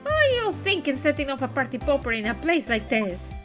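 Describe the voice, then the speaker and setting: A woman's voice: sits high, big pitch swings, brisk. A woman reading a brash young Southern woman photographer aloud, with a put-on exaggerated Southern drawl and slangy, feisty talk, over game music.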